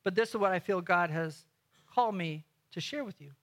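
A man preaching a sermon, telling a story with loud bursts and hushed, slow emphasis. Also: high-pitched. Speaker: guest preacher.

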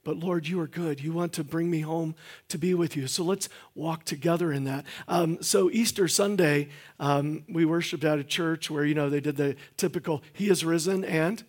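A man's voice: a little high, steady tone, normal speed, darkish tone. A middle-aged man preaching a sermon in a church, folksy and joking, with lots of fillers and restarts. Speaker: guest pastor. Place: church sanctuary.

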